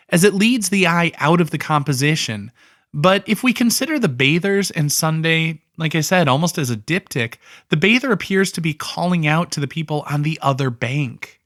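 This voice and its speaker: A man explaining a painting in a relaxed, conversational way, thinking aloud with asides. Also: a little high, no room sound, clean studio sound. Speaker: art educator. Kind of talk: casual art history explainer.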